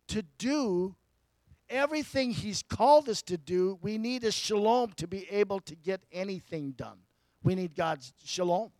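Guy preaching a sermon, kinda high voice, chatty, asks the crowd stuff, dry sound. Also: darkish tone, dry recording. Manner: conversational preaching, asks the congregation questions, chuckles often.

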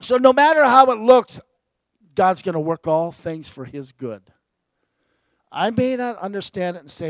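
A male pastor preaching a sermon, swinging between emphatic peaks and low, quiet asides, and often laughing at himself. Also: very animated, a little slow, pauses often, no room sound, low-quality recording.

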